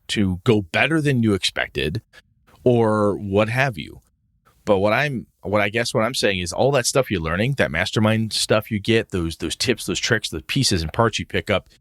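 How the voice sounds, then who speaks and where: Low guy rambling and cursing on a podcast, lively swoops, dry mic. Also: no echo. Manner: profane, rambling, acts out quoted voices. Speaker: podcast co-host. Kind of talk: casual chat.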